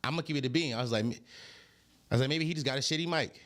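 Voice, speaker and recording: A man from Philadelphia with a Philly accent, co-hosting a podcast in loud, teasing casual chat. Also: mid-range voice, very fast. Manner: loud, teasing, playful trash talk. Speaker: podcast co-host.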